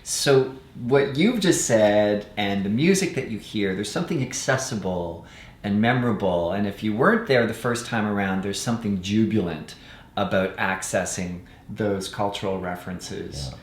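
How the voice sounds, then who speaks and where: Male theatre director, lowish voice, measured interview talk, echoey room. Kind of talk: interview chat. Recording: roomy sound with faint ambience.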